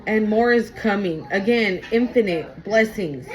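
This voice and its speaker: A woman's voice: mid-range voice, measured pace, noisy background. A woman giving a casual spoken tarot reading to her viewers, talking in an emphatic, repetitive way. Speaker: tarot reader.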